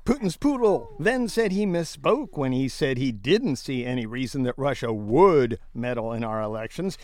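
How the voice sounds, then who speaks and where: A man's voice: medium pitch, expressive, normal speed, a little mellow, dry recording. A man co-hosting a casual comedic news chat, reading stories aloud with a wry, mocking tone and frequent laughs.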